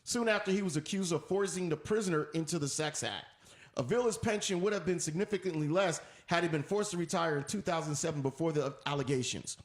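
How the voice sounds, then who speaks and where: A man's voice: fairly high pitch, quick pace, reverberant. A man hosting a talk radio show, ranting in an emphatic, preachy way and repeating his points. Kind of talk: opinionated talk radio rant.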